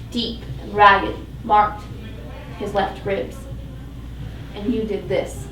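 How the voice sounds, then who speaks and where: A woman's voice: on the high side, slight background noise. Woman reading dramatic fiction live. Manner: dramatic, emotionally intense reading. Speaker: fiction reader. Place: live event venue. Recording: echoey live venue, mic at a distance.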